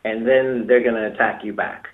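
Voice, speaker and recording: A man's voice: lowish voice, steady tone, moderate pace. A man giving emphatic dating advice on a talk show, repeating himself and acting out example phrases. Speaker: dating coach. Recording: echoey, tinny phone-like sound.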